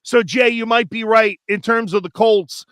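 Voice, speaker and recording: High, bright-voiced sports talk host. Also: male voice, clear, resonant tone, no room sound. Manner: animated storytelling, rapid, run-on. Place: studio.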